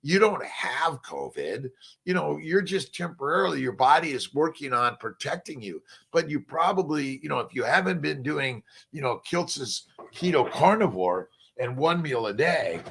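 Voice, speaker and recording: Older male host, gravelly and husky, rambling folksy pep talk with swearing. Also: medium pitch. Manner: folksy, preachy, swears freely, many fillers. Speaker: fertility doctor hosting a morning motivational talk.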